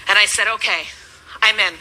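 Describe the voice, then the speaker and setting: A woman in her thirties, a business coach, giving an emphatic motivational speech that swings between loud and hushed. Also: mid-range voice, steady tone, brisk, poor audio.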